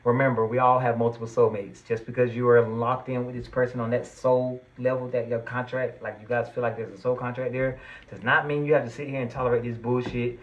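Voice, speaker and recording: A man's voice: mid-range voice, little pitch movement, brisk, lo-fi sound. A man giving a tarot reading to his viewers, earnest and reassuring, at times getting worked up and emphatic. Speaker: tarot reader.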